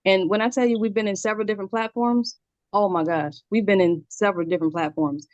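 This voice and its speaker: A woman in her forties rattles along at high speed, bubbly and eager, laughing between sentences and still catching her breath. She is on a video call from home, and the sound is dry and slightly dull. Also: no room sound. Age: 40s. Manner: very fast, excited, laughs often. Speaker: community member sharing a testimonial. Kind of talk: casual call testimony.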